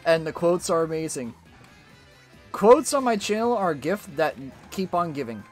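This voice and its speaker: A man's voice: fairly high pitch, very animated, moderate pace. Joking young male streamer. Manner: joking, laughs often. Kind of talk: casual gaming chat with friends. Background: game music.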